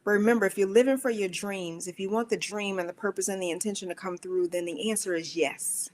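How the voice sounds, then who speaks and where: A woman giving a spiritual motivational talk in a conversational, emphatic way, with rhetorical questions and playful voices for her own inner thoughts. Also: fast talker. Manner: animated, acts out her own inner voices with squeaky high bits. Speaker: speaker of a worship center.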